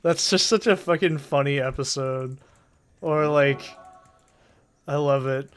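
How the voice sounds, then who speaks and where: A man's voice: medium pitch, unhurried, clean tone. A man with a stuffy cold, casually rambling and swearing through gameplay commentary, heavy on "like" fillers. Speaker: gaming channel host.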